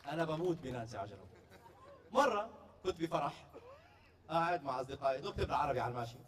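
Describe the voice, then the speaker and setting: Fast-talking man doing stand-up comedy. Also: fairly high pitch, distant mic, noisy background. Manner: quick, playful storytelling with deadpan punchlines. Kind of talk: stand-up routine at a staff party. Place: party venue before a live audience.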